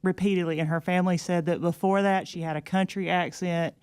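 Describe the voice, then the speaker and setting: A woman on a radio show tells a story in a smooth, clear voice. The studio sound is dry and close around her plain way of speaking. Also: fairly low pitch, steady tone, a little fast, a little mellow, dry recording. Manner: plain storytelling, laughs easily. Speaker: studio guest, rehab hospital worker.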